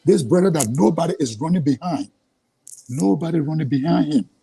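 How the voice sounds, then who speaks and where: A man with a Liberian English accent speaks heatedly as an interview guest, angry and repetitive, often stammering and restarting when frustrated. His fairly high voice is fairly quick with lively intonation, vocal fry, a warm tone, and a breathy edge. The audio is poor, with no room sound.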